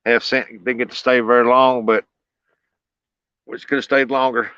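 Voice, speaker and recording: A man's voice: medium pitch, level tone, moderate pace, clear, resonant tone, no echo. A man, chatting casually with livestream viewers while fishing outdoors by a flooded river levee, folksy and laid-back with frequent chuckles. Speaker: livestream host. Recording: dull lo-fi, dry.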